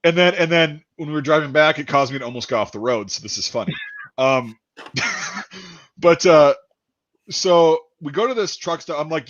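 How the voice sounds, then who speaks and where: A man telling a rambling story in a casual chat, animated, laughing and swearing a lot. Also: medium pitch, normal speed. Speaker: podcast host. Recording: dull dry lo-fi sound.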